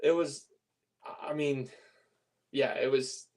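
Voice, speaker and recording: A man co-hosting a podcast, explaining his points in an even, measured way during casual chat. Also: medium pitch. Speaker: podcast co-host.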